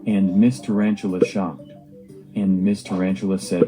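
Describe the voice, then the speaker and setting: Male narrator for a homemade cartoon diary: plain and earnest, very dark, mellow tone. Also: low voice, level tone, moderate pace, faint music behind, low-quality recording. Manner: simple, earnest storytelling with plain phrasing. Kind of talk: storytelling.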